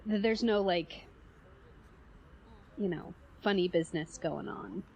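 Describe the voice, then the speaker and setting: A woman's voice: medium pitch, takes it slowly, gravelly, a little mellow, muffled recording, slight background noise. A woman playing in a tabletop game, thinking aloud with some hesitation. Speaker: player. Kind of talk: tabletop role-play.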